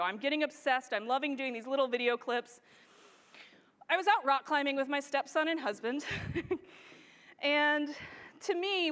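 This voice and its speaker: A high-voiced woman talks on a big event stage, bubbly and excitable, laughing often as she tells her stories. Her words ring out with a long hall echo. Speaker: photographer giving a stage presentation. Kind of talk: enthusiastic conference talk. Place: large event stage before a live audience.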